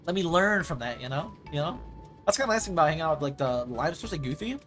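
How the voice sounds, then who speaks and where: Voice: mid-range voice, rapid-fire. Gaming streamer, casual stream chat, rambling, lots of fillers, faint music behind. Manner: rambling, animated storytelling with filler "like".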